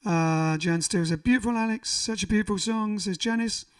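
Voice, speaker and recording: A man's voice: high voice, fairly quick, clear, resonant tone. A man hosting a band livestream from a living room, chatting casually and rambling as he reads out viewer comments. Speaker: band frontman and livestream host. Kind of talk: casual livestream chat between songs. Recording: voice a little far from the mic, faint music behind.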